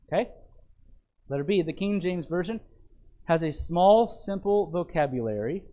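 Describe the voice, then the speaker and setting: Preacher teaching a class. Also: male voice, on the high side, warm tone, low-quality recording. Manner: checks in often with the room, repeats phrases, restarts. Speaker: pastor teaching a Bible lesson. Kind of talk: sermon teaching from an outline.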